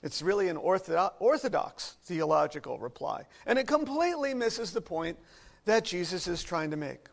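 A man preaching a sermon, his delivery swinging between emphatic and hushed. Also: sits high, moderate pace, gravelly. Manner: expressive preaching with wide swings in loudness. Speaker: pastor.

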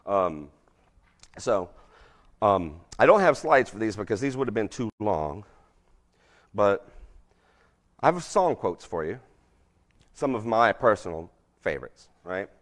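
Quizzing a live church audience during a relaxed, interactive talk, this middle-aged man speaks at a measured pace with long pauses. His fairly low voice swings widely in pitch, and he's chatty, dropping in plenty of ums and asking "right?" again and again.

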